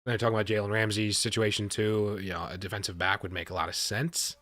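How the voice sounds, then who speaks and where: An excitable man hosts a live stream and reacts as the picks come in. His voice sits low, and he keeps repeating himself and talking to his chat. The sound is dry and close, with no room around it. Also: quick pace, dry recording. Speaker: livestream host reacting to a draft.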